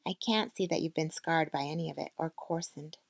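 A woman's voice: low-pitched, brisk, gravelly, no echo. Woman reading as a sensitive young teacher. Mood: anxious.

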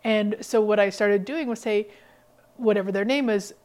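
A woman hosting a podcast, giving an energetic, emphatic motivational talk. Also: a little high, moderate pace. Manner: energetic, emphatic, laughs often. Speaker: podcast host.

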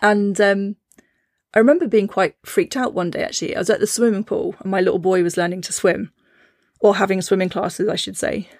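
A woman talks in a loose, rambling way, full of fillers and quick laughs. Her voice is recorded close and dry, with no room sound around it. Her pitch sits in the middle. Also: fairly even intonation, darkish tone, no room sound. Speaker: podcast host. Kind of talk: casual spiritual talk.

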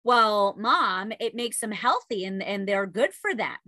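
A woman's voice: medium pitch, lively intonation, measured pace, bright, forceful tone, dry recording. A woman quoting her young son in a matter-of-fact voice. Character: young boy, earnest and plain-spoken.

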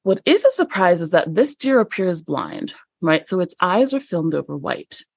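Low-voiced woman telling a lively story. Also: normal speed, vocal fry, slightly rough, dry recording, studio quality. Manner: animated, frequent fillers and laughs. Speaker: podcast guest. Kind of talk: conversational storytelling.

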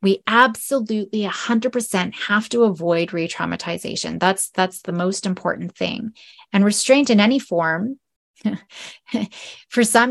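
A woman hosting a solo educational podcast, talking earnestly and often checking in with "right?", sometimes dropping to a soft whisper. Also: medium pitch, gravelly. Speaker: podcast host.

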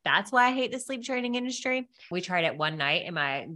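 A woman's voice: medium pitch, animated, a little fast, pushed and bright. A woman hosting a podcast, speaking candidly and emotionally in a casual conversational way with many fillers. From America. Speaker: podcast host.

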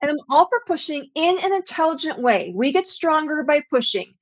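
A woman's voice: high-pitched, lively intonation, brisk, dry recording. Earnest woman explaining Pilates. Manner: earnest, explanatory, acts out quoted voices. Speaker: Pilates teacher and trainer. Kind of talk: conversational interview answers.

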